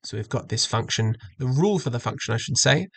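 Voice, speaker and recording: A man's voice: mid-range voice, lively intonation, fast, creaky, breathy edge, no echo. A man teaching maths, walking through an exam question patiently and methodically and correcting himself as he goes. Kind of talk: screen-recorded exam walkthrough.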